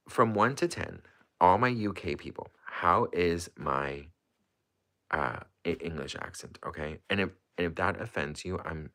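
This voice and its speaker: A man chatting casually on a livestream, excitable and rambling with lots of fillers. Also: low voice.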